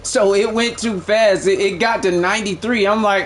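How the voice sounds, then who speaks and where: A man's voice: high-pitched, normal speed, few pauses, slight background noise. A young man streaming a game live, giving blunt, profane play-by-play commentary that swings into aggravation. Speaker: gaming streamer.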